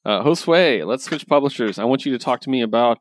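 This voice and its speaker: A man co-hosting a podcast in casual comic book chat, relaxed and hedging with lots of likes and ums. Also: mid-range voice, fast talker, no echo. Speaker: podcast co-host.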